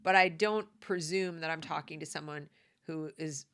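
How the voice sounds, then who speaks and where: Lower-voiced woman, emphatic commentary monologue, conversational and repetitive. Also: moderate pace, a bit bright. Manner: emphatic, conversational, repeats points.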